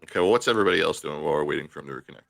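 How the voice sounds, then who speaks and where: A man's voice: a bass voice, expressive, very fast, vocal fry, a bit bright. A man acting as game master, easygoing and conversational, on an online call. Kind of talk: running a tabletop game.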